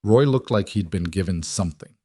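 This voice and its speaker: A man narrating a scripted story in a calm, even tone. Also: sits low, brisk, slightly rough.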